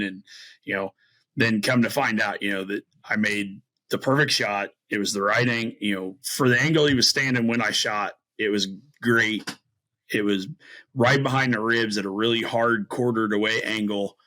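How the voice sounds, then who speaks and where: A man's voice: fairly low pitch, steady tone, normal speed, sharp tone, low-quality recording. A middle-aged man, a guest on a podcast, telling a story casually and animatedly, acting out his own reactions between many fillers. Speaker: podcast guest, bowhunter and string maker.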